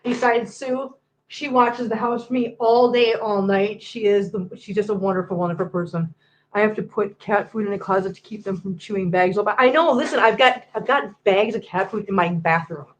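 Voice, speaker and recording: Woman rambling on a cat live stream, mid-pitched, repeats herself a lot. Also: normal speed, rough recording. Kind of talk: casual live-stream chat.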